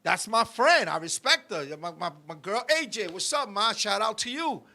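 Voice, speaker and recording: A man's voice: sits high, animated, normal speed, creaky, sharp tone. A middle-aged man hosting a live-stream talk show, telling a story in a heated, profane way and talking to his co-host and viewers.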